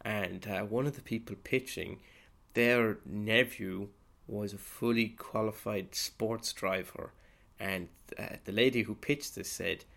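A slightly low-voiced man holds forth in a comic monologue as a priest character. He rambles, swears, and bursts out loudly now and then. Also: fairly even intonation, slow pace, creaky. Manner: rambling, sweary, with sudden loud outbursts. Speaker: podcast host.

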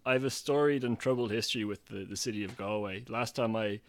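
A man talking casually as a guest, halting and repeating himself as he searches for words. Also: on the low side, dry recording. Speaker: guest filmmaker. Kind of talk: casual chat.

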